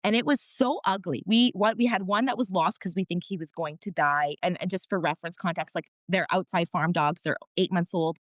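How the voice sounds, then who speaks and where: A woman's voice: lowish voice, a little fast, few pauses, dry recording, studio quality. Candid woman telling family stories. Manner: emotional storytelling, frank with mild swearing. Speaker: podcast guest, wellness practitioner. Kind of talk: casual interview chat.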